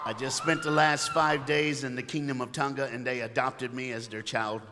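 A man preaching an energetic sermon, calling out to the crowd and getting them to repeat lines back. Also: medium pitch, normal speed, heavy background noise. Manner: loud, exhorting, call-and-response. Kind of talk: energetic call-and-response sermon. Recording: long hall reverb, faint ambience.

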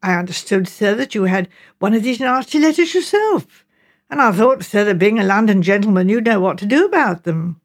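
A fretful village housekeeper, humble and earnest, leaning anxiously on every "sir", as a woman reads her aloud. Her voice rises and falls in lively, worried swings. It is a storybook voice. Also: mid-range voice, brisk. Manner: earnest, respectful, keeps saying sir.

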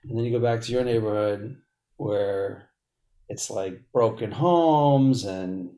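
A man in his forties from Boston, a podcast guest telling stories in a blunt, profane, animated way. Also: fairly low pitch, takes it slowly. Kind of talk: casual storytelling.

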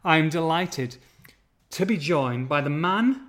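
A man hosts a casual live-streamed podcast in a voice pitched a little high. He is excitable and jokey, rambling and restarting his sentences as he talks. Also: unhurried. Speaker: podcast host.

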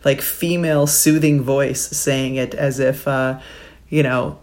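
A woman's voice: rumbling low, steady tone, slow, darkish tone. A woman in her forties, co-hosting a podcast in casual chat, telling rambling stories with many fillers. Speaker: podcast co-host and sports broadcaster.

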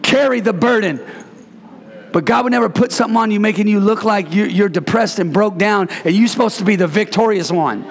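A man preaching an energetic sermon as pastor, playful and call-and-response, bursting into shouts. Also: high voice, a little fast, gravelly. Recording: reverberant hall.

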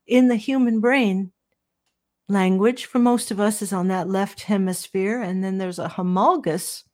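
An older woman speaks as an interview guest and lays out her ideas in a measured, teacherly way. Her voice sits at a middling pitch. The sound is close and dry, with no room echo. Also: steady tone, darkish tone. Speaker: guest, professor of psychoacoustics. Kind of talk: explanatory interview talk.

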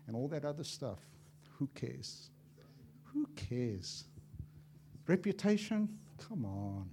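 A man preaching a sermon as an evangelist, impassioned and swinging from loud to hushed, acting out little dialogues as he tells stories. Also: mid-range voice, big pitch swings, takes it slowly, a little hiss or hum. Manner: acts out dialogue in storytelling.

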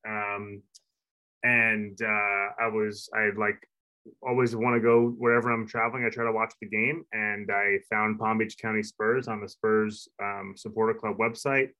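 A man's voice: fairly low pitch, level tone, normal speed, pushed and bright, low-quality recording. A man from New York co-hosting a podcast, chatting casually and rambling with many fillers and restarts. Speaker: podcast co-host. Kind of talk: casual chat.

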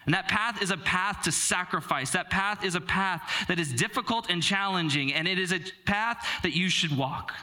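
Young male preacher, chatty and self-deprecating, high bright voice. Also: normal speed, hardly any pauses. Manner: conversational, self-deprecating storytelling with filler words. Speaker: pastor. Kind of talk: sermon with personal story.

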